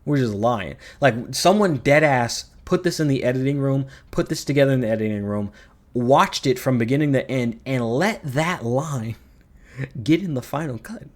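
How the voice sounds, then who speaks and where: A man's voice: mid-range voice, lively intonation, moderate pace. A man giving a ranting video review, sarcastic, profane and exasperated. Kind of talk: ranting commentary.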